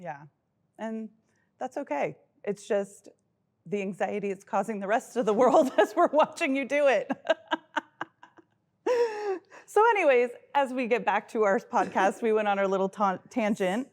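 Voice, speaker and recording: A woman's voice: fairly high pitch, normal speed, long pauses. Affectionate middle-aged mother laughing. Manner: warm, laughing, affectionate storyteller. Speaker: podcast co-host, mother. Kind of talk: casual chat.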